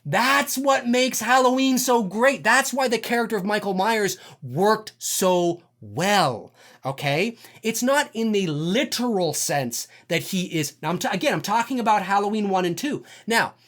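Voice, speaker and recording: A man's voice: sits high, lively intonation, measured pace, fairly bright tone. A man delivering an unscripted, profane film rant, emphatic and full of fillers. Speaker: film commentator.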